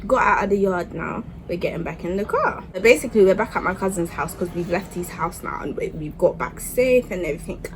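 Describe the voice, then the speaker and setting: A young woman tells a story to camera in a chatty, animated way. Her pitch swings widely as she talks. A faint hiss of room noise sits under her voice. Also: a little fast, few pauses, low-quality recording. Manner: chatty, animated, keeps asking "yeah?". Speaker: vlogger. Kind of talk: storytime vlog.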